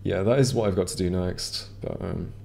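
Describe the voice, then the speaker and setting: A deep, gravelly, mellow-voiced man streams a video game at a normal pace, chatting casually with viewers in rambling gameplay commentary full of ums and restarts. He's picked up on a headset or desk mic.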